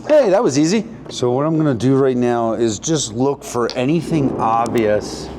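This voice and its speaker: A man's voice: medium pitch, animated, moderate pace, background noise. A man hosting a casual shop vlog, joking with his cameraman while he takes an engine apart and explains what he checks. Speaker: mechanic and channel host. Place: company workshop indoors.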